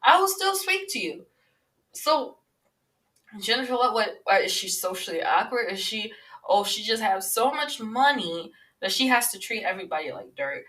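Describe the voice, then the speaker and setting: Bright-voiced woman rambling a bit off-mic. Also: mid-range voice, expressive, moderate pace, far from the mic, rough recording. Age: 20s. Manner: rambling, chatty, many filler sounds. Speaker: podcast host. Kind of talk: casual celebrity-news monologue.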